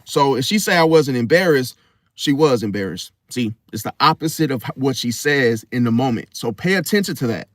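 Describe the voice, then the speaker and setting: Animated and a little fast with few pauses, a young man holds forth on astrology in a bit bright, mid-range voice, recorded as clean studio sound with no room sound. He is blunt and profane, repeats "see?" emphatically, and keeps stopping and restarting.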